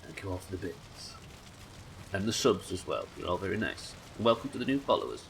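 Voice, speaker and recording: Streaming a game, this man talks in a relaxed way with a Yorkshire accent and plenty of swearing. He sounds low-pitched, animated and brisk, with some vocal fry. There's a little hiss or hum in the audio.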